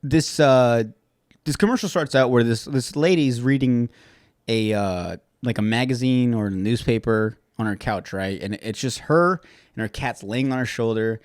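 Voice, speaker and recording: A man chatting casually as a podcast host, rambling through his thoughts with constant fillers and frequent swearing. His voice sits at an ordinary middle pitch. The sound is dry and close, with no room around it. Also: normal speed, no echo. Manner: rambling and profane, with many fillers; grows loud and animated when retelling something funny. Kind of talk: casual chat.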